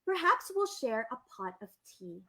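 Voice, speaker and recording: Woman doing a soft, tired zookeeper man. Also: on the high side, big pitch swings, measured pace, slightly rough, exaggerated voice. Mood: cheerful. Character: gentle tired sick male zookeeper.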